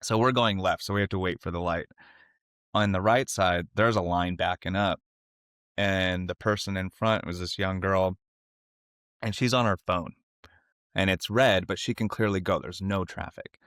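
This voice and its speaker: A man's voice: moderate pace, no echo, clean studio sound. A man co-hosting a podcast, telling a story in casual chat, laughing often and acting out others' lines. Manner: animated storyteller, acts out quotes in high voices, laughs often. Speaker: podcast co-host.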